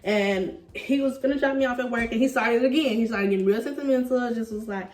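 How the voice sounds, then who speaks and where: A young woman in her twenties tells a story in casual slang, lively and quick to laugh. She sits a little back from the mic, and the room gives her voice a roomy echo. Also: a little high, recorded from a distance. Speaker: vlogger telling a couple's story.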